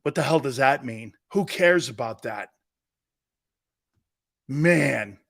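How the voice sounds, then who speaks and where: A man hosting a live sports talk show, loud, joking and blunt, laughing often. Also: mid-range voice, expressive, slow pace, vocal fry. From lives in Florida.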